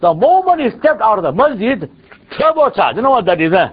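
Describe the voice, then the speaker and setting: A man, preaching as a teacher who tells the story in an animated, dramatic way, on a dull lo-fi recording. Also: sits high, brisk, slightly rough. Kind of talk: storytelling sermon.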